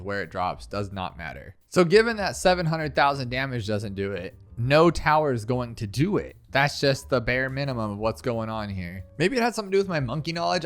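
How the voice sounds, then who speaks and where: A man commenting casually on his own gameplay as a video host, thinking aloud and often exasperated. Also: mid-range voice. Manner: animated, exasperated, talks to himself.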